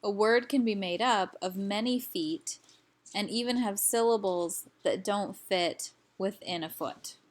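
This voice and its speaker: A woman teaching a recorded lesson, explaining slowly and carefully with some fillers. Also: medium pitch. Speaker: language teacher.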